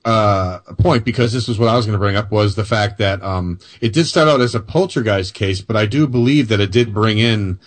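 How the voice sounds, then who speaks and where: A man's voice: on the low side, fairly quick, hardly any pauses. A man hosting a paranormal talk show, chatting casually with lots of fillers and restarts. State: wound up on coffee. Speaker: radio show host. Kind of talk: casual chat and news reading.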